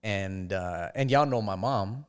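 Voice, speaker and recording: A man, a podcast guest, telling his life story in a casual, halting way with frequent restarts. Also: on the low side, smooth.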